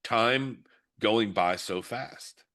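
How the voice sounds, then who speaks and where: Speaking very slowly in a lowish voice, this middle-aged podcast co-host keeps the chat casual. He tells stories with animation, performing the quotes of the people he mentions.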